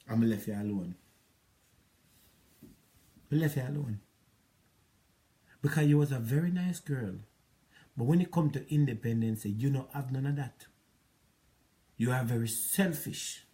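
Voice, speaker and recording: A relationship advice vlogger with a Jamaican accent rants at an ex-partner in a rambling, repetitive, scolding monologue. His voice is mid-range with a warm tone.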